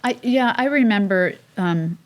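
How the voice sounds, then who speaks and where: Middle-aged mother telling a heartfelt story. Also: mid-range voice. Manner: emotional storytelling, halting with fillers. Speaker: guest mother. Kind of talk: casual podcast chat.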